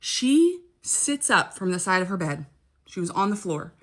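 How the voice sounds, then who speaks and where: A young woman with a voice on the low side tells a personal story casually, very animated though a little slow. She's chatty and dramatic, constantly checking in with her listener by asking "okay?".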